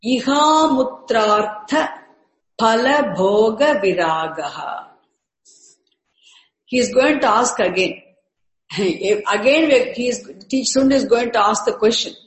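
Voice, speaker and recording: Woman, spiritual teacher, repeats each term, echoey room. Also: on the high side. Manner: repeats terms slowly, breaks Sanskrit words into parts. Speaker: teacher of Sanskrit scripture. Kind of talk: slow, repetitive spiritual lecture.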